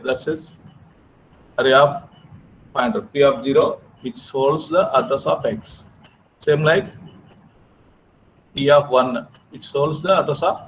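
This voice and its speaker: A man giving a classroom programming lecture, repeating phrases slowly and checking in with his students. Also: medium pitch, a little hiss or hum, poor audio. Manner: repetitive, drawn-out, checks in with students.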